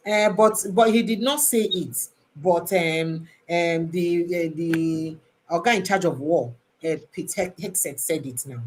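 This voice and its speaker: A woman's voice: lowish voice, measured pace, darkish tone. A woman with a Nigerian accent hosting a live talk show, pressing her caller with questions and slipping into Pidgin. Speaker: host.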